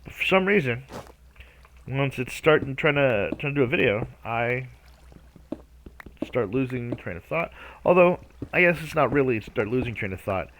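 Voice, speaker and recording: There's slight background noise as a man with an expressive, somewhat bright mid-range voice narrates a Minecraft let's-play at a moderate pace. He rambles, hesitates, talks to himself, and keeps stalling with hummed and scatted nonsense syllables.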